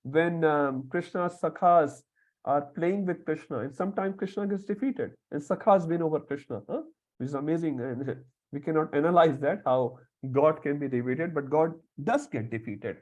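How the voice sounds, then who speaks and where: A man leads a scripture class in a slightly high voice. He explains each verse word by word and acts out the dialogue of the stories he tells. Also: moderate pace, a little mellow, highs cut off. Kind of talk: lecture on scripture with storytelling.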